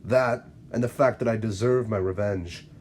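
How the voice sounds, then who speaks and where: A man reading the lines of a vengeful male speedster villain in a fan-written story, slow and menacing. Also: on the low side, a little mellow, slight background noise, lightly acted.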